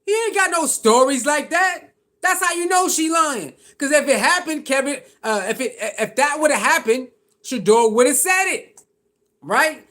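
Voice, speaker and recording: A man with a strikingly high voice delivers reaction commentary on football. He talks in heated, slangy bursts and keeps circling back to the same points. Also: animated, normal speed, sharp tone. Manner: heated, slangy ranting with repetition. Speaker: sports commentator.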